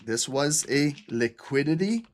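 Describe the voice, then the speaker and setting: Guy from albania walking thru a trading chart live, slightly high voice, keeps saying okay and look. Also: a little slow. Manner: animated, repeats "okay?" and "look", casual swearing. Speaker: trading instructor. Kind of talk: live screen-share trading lesson.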